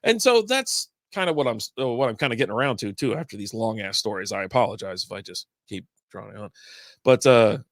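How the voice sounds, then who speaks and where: A man's voice: lowish voice, animated, fast talker, dry recording, clean studio sound. A man hosting a casual podcast, rambling through long stories with lots of asides and fillers. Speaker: podcast host. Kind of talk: casual beer podcast monologue.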